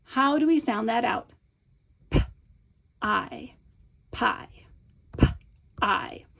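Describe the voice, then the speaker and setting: Woman, middle-aged, gravelly and slightly high, patient instructional delivery, stretches out sounds when modeling them. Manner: patient, explanatory, frequent "right?" check-ins. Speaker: teacher trainer. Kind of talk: instructional video lesson.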